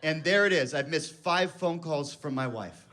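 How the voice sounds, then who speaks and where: A man's voice: a little high, normal speed, crowd noise. Self-mocking comic in his thirties. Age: 30s. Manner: self-mocking, animated storytelling. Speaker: stand-up comedian. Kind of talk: stand-up storytelling. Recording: live club with audience laughter. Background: audience laughter.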